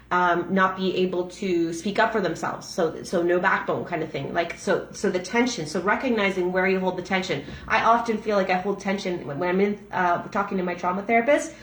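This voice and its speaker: A middle-aged woman, a massage therapist, giving a reflective talk on a daily reading, speaking gently with frequent restarts and fillers. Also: lowish voice, reverberant, slight background noise. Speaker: massage therapist and breathwork facilitator.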